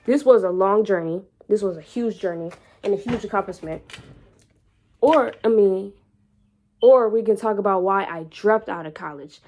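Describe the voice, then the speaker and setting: A young woman vlogging, telling a personal story casually and animatedly, repeating words and growing loud when excited. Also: medium pitch, normal speed. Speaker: vlogger and entrepreneur.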